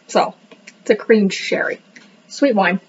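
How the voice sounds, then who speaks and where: A woman's voice: medium pitch, unhurried, a little hiss or hum. A woman casually reviewing a book, rambling with many fillers and joking that she cannot pronounce the words. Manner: self-deprecating about pronunciation. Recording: dull lo-fi recording.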